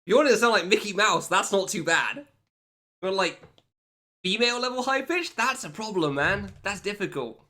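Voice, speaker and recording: A man's voice: sits high, animated, moderate pace, bright, forceful tone. A young man streaming a game, chatting casually with his viewers, joking and laughing often at himself. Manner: laughs a lot, joking, self-mocking. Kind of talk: casual live-stream chat.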